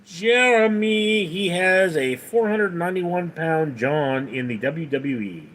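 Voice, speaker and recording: A man's voice: a little high, lively intonation, slow pace, fairly bright tone. A man hosting a casual livestream who reads viewers' chat questions aloud and answers them. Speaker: livestream host.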